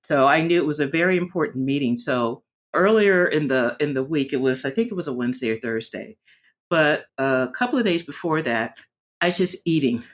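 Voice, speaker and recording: A woman speaking candidly in a personal vlog, reflective and earnest, often pausing and restarting her sentences. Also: deep voice, lively intonation. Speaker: vlogger sharing a personal story.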